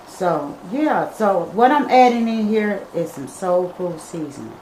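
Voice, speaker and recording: A woman's voice: fairly low pitch, lively intonation, measured pace, hardly any pauses, a little mellow, a little hiss or hum. A woman hosting her home cooking channel, chatting casually to viewers as she cooks in her kitchen. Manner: chatty, addresses viewers as y'all and you guys. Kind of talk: casual cooking vlog talk. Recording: roomy echoey kitchen.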